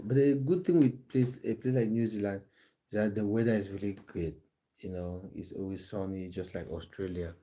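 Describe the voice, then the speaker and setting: At home in England, a mellow, soft-voiced man who coaches football and streams live talks loosely with viewers, reading out their comments on his phone. His pitch sits fairly low and his speed is normal, but he's hesitant, restarting sentences and filling pauses with ums.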